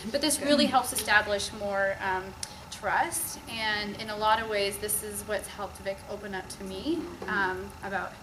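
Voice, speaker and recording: A woman in her thirties chatting casually in a faith-based talk, animated and quick to laugh while telling stories. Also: mid-range voice. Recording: echoey room with background noise.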